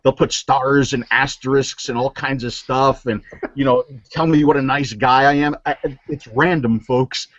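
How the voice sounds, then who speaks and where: A man's voice: medium pitch, fairly even intonation, moderate pace, a bit bright, no echo, lo-fi sound. A man from New Jersey, a guest on a casual show, telling stories in an earnest way with many fillers and restarts over a video call. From New Jersey, USA. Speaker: guest vaping reviewer. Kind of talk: casual chat, storytelling.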